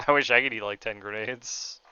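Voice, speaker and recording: A man's voice: lowish voice, moderate pace, pushed and bright, clear, resonant tone, no echo, muffled recording. A young man streaming a game, giving casual commentary in a joking, profane way, laughing often.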